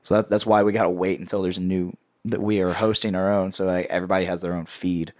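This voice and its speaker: A man hosting a casual podcast, rambling through plugs with a playful sales-pitch delivery. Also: flat delivery, fast talker, darkish tone, no room sound, studio quality. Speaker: podcast host and network editor. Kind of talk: casual podcast chat with co-hosts.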